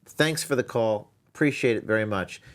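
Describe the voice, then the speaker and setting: Guy hosting a call-in show, moves fast between callers, short quick questions. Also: lowish voice. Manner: brisk, takes calls and asks short questions. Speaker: host.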